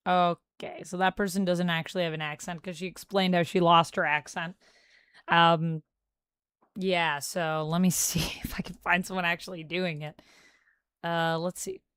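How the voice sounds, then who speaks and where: A woman's voice: on the low side, level tone, moderate pace, a bit bright, smooth, no room sound. A woman streaming a game, chatting casually and reading out viewer comments while practising an accent. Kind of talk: casual live-stream chat.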